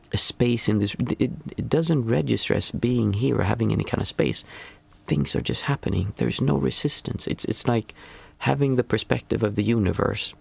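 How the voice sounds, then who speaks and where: Man, meditation teacher, low gravelly voice, reflective musing talk, calm, frequent restarts.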